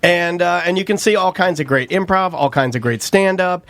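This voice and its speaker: A man co-hosting a night talk radio show, relaxed and affirming as he reads out event details and emails. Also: high voice, normal speed, no echo. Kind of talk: casual radio banter.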